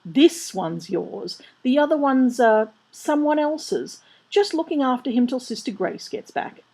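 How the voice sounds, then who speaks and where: A woman's voice: medium pitch, sing-song, warm tone, breathy edge, rough recording. A woman voicing a chattering, flustered middle-aged nun who is eager to please. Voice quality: prattling, hurried.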